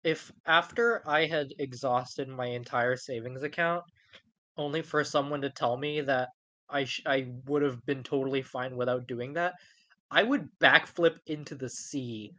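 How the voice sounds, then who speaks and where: A man co-hosting a podcast, reacting in casual chat with expressive, profane comments. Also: medium pitch, a little slow, no room sound. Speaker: podcast co-host.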